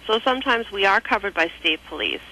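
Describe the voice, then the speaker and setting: A woman's voice: medium pitch, animated, fast talker, pushed and bright, slightly rough. A woman from New calling into a radio show, speaking earnestly and steadily as an advocacy spokeswoman. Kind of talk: phone-in radio interview. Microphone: telephone. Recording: tinny phone line.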